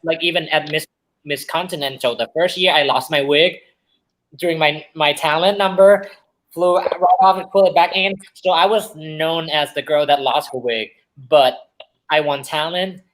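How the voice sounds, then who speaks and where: A drag performer in casual chat, telling a pageant story and acting out other people's words loudly. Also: female voice, sits low, normal speed, low-quality recording. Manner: animated storyteller, acts out quotes loudly. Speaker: drag pageant queen guest.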